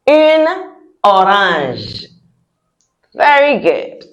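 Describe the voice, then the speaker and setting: A woman teaching French vocabulary, saying each word slowly and lifting her voice on the articles. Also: sing-song, dull audio. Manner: slow drawn-out model words with high lifted articles. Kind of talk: repeat-after-me vocabulary lesson.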